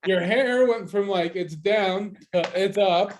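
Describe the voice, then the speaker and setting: An easygoing man on a casual podcast, talking in a halting manner with many restarts and repeated words. His voice sits a little high for a man. He keeps a laid-back, conversational tone. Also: slight background noise. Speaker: podcast co-host. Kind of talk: casual chat.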